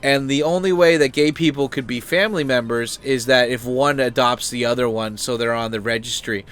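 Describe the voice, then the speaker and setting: A man's voice: mid-range voice, brisk, fairly bright tone. A man hosting a channel, talking in a loose, rambling way with lots of fillers, restarts and swearing. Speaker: channel host. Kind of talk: casual opinion chat.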